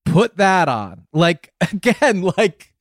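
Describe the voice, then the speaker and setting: Male co-host, fairly high voice, dry close sound, animated, jokey banter. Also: slow, no echo. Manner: animated, joking, mock-indignant. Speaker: podcast co-host. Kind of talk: casual comedic chat.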